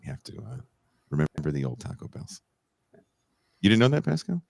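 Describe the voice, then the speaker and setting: A male podcast host, joking and animated in casual conversation with guests. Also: fairly low pitch, fairly quick, gravelly.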